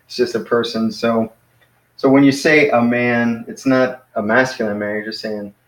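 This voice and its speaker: A man teaching a small Greek class in a casual way, explaining step by step and patiently, with many pauses and fillers. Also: mid-range voice, steady tone. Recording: echoey room.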